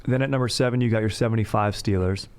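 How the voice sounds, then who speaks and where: Rambling, jokey low-voiced man. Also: quick pace, clean tone. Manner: jokey, rambling, laughs often. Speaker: podcast host. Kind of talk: casual sports podcast chat.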